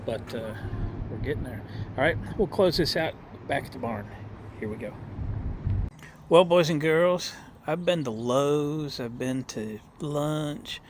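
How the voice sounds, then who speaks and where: Outside at a restaurant lot and by a barn, a middle-aged guy rambles folksily about his little electric utility truck, addressing viewers as boys and girls. His middle-pitched voice is a bit slow, and there's plenty of background noise.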